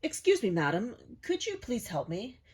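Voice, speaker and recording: A woman's voice: on the high side, wildly swooping pitch, normal speed, husky, pitched above the performer's own voice, full character voice. A woman voicing a self-pitying frog prince who speaks in a genteel, refined way, from a storybook reading. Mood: pleading.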